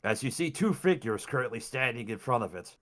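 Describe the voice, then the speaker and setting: A man narrating a tabletop game as dungeon master, describing scenes in an expressive way. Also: medium pitch, brisk.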